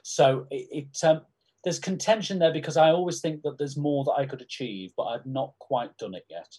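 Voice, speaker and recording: Male stage actor, softened Liverpool accent, husky tone, thoughtful and halting, interview chat. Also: a little high. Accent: softened Liverpool (Scouse). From Liverpool, England. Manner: thoughtful, halting, frequent restarts. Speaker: stage actor and panto dame. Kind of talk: conversational interview.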